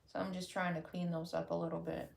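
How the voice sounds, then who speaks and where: A woman's voice: on the low side, fast, vocal fry, slight background noise. A woman vlogger talking casually through her crafting work, thinking aloud as she goes. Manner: relaxed, thinking aloud while working.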